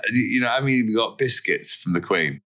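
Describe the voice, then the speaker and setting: A man's voice: mid-range voice, animated, fairly quick, pushed and bright. An English man, a guest in a casual chat, jokey and self-deprecating. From England.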